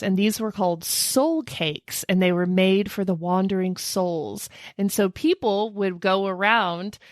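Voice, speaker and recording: A woman co-hosting a podcast tells spooky history in casual storytelling chat, animated and jokey, with frequent laughter and playful asides. Her voice is mid-range, and the studio recording is clean with no room sound.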